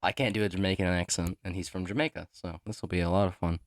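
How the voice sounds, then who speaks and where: A young man reading his own character profiles aloud, rushing through them with joking asides and stumbles. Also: low-pitched, steady tone, dry recording, clean studio sound. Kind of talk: casual reading of written notes.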